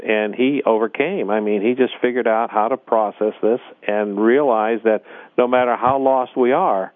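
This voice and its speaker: A man's voice: mid-range voice, no room sound. A man, a flight instructor, telling stories from his teaching in a rambling way, with many restarts. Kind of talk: storytelling in a casual interview. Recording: tinny phone line.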